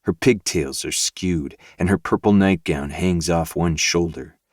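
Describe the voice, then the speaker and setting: Brief: very deep male narrator, dry close recording, steady audiobook read. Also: a little slow, no echo. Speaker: podcast host reading a novel aloud. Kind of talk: first-person audiobook narration.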